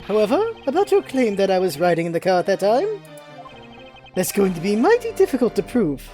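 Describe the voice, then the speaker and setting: A woman's voice: medium pitch, big pitch swings, fairly quick, mellow, soft background music, natural voice. A woman reading a smug old ambassador. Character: arrogant elderly male ambassador, ex-soldier. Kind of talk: reading game dialogue aloud.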